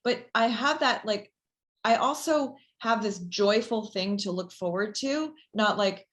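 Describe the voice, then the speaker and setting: Speaking a little slowly, a woman gives an interview as a company founder. She starts off casual and chatty, with many fillers, then warms into an enthusiastic pitch.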